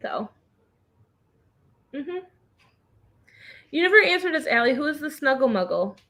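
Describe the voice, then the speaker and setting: A woman's voice: high-pitched, very animated, a little slow, a bit bright. A woman hosting a casual reading livestream over a video call, chatting and laughing often.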